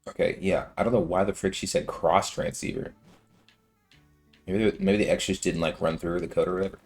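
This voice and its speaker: A fairly fast, low-pitched man in his twenties with vocal fry and steady intonation rambles through a video game. As a let's-play gamer, he fills his casual commentary with slang and filler words while faint music plays underneath.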